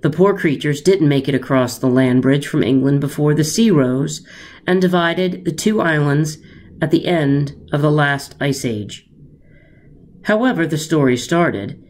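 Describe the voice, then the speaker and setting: Low-voiced woman reading a story aloud. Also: a little hiss or hum. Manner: expressive, unhurried storytelling.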